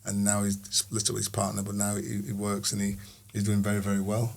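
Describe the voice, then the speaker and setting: A middle-aged man, a podcast guest telling lively anecdotes in casual chat and often repeating words. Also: lowish voice, fairly quick, vocal fry. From Sheffield, England.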